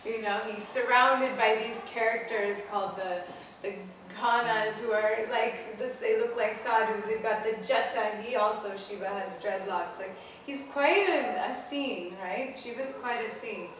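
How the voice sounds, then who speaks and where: A woman's voice: on the high side, unhurried, slight background noise. Echoey, distant woman telling myth. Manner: casual, animated, many "like" fillers. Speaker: spiritual teacher, pilgrimage leader. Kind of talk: storytelling lecture. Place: outdoors beside a temple.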